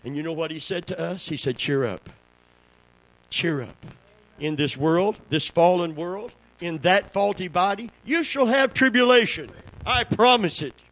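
Southern preacher guy, pretty high voice, folksy stories, gets fired up, asks the church for amens. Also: moderate pace, a bit bright, poor audio. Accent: Southern American. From American South. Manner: call-and-response, folksy storytelling, rising to fervent peaks. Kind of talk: sermon. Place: church before a small congregation.

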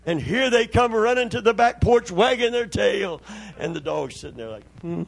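Man, older, preacher, folksy sermon anecdotes, acts out voices, slightly high pitch. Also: animated, moderate pace, creaky. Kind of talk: sermon with storytelling.

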